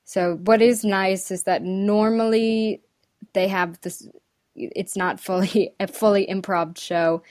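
A woman's voice: mid-range voice, fairly even intonation, slow pace, darkish tone, no room sound, clean studio sound. A woman who works as a dialect coach, chatting in an interview, thinking aloud and laughing between phrases. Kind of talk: casual interview chat.

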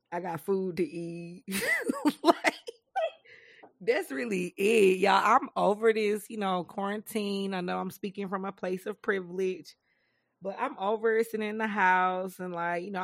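A woman co-hosting a podcast in casual chat, animated and dramatic, often laughing. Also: mid-range voice, measured pace, gravelly, dry recording, studio quality. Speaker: podcast co-host.

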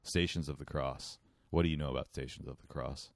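A man with a very deep voice holds forth in a casual podcast chat, delivering wry, deadpan rants peppered with swearing. The sound is dry and close, with no room around it. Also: fast, gravelly, dry recording. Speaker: podcast co-host.

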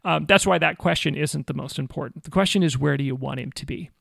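A man with a strongly gravelly, creaky voice, pitched a touch above the usual, talks through a faith conversation in an animated storytelling way. The sound is dry and close. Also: fast talker, dry recording. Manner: animated storyteller, acts out quotes. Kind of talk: casual faith talk with storytelling.

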